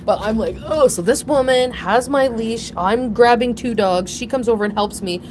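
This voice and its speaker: A woman hosting a casual chat, rambling through a story with frequent laughter and sudden high, emotional bursts. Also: moderate pace, a little hiss or hum. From Ontario, Canada. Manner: rambling, animated, laughs often, breaks into emotional high pitch. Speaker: channel host.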